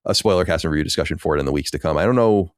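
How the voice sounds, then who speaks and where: A man's voice: extremely low pitch, very fast, no echo, studio quality. A man co-hosting a podcast, chatting casually and rambling, with many restarts and fillers. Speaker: podcast co-host. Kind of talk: casual chat.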